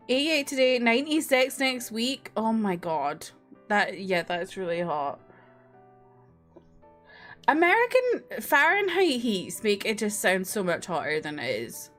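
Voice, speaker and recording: A woman's voice: mid-range voice, a bit bright. A young woman with a Scottish accent, chatting casually with her livestream chat from home, laughing and swearing now and then. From Scotland. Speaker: streamer. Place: home room.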